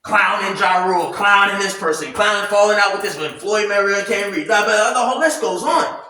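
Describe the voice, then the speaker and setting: A man with a high voice vents in a loud, heated, profane rant. He talks while working out, so his voice comes from far across a room. The room is very echoey. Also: a little hiss or hum. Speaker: commentary vlogger. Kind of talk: ranting commentary while working out. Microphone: no clip-on mic, distant from the recorder.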